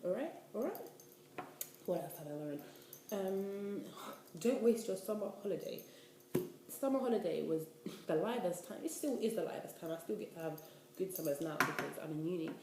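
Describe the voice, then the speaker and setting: A woman in her twenties from the UK, a university student giving casual life advice in an animated, chatty way. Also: fairly low pitch, moderate pace. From United Kingdom. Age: 20s. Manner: chatty, animated, preachy asides. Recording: echoey room, faint noise.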